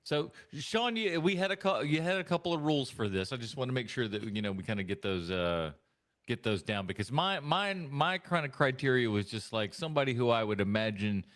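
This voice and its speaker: Lively joking man hosting a podcast. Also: mid-range voice, brisk. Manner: joking, rambling. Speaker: podcast host. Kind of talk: casual chat.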